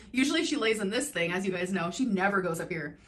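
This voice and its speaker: A woman's voice: mid-range voice, sing-song, a little fast, fairly bright tone. A young adult woman chatting casually in her vlog, rambling and full of "like". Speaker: vlogger.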